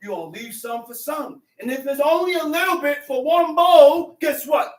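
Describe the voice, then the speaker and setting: A man preaches a sermon with fervor and a high-pitched voice, at times shouting and near tears. He sounds echoey and distant from the mic. The room reverb is strong. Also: expressive, normal speed.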